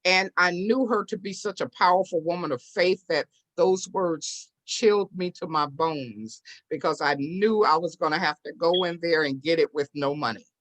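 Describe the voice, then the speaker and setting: Animated storytelling woman, lowish voice. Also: moderate pace, few pauses. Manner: animated storyteller who acts out quoted voices. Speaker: real estate investor and business owner, interview guest. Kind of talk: storytelling in an interview.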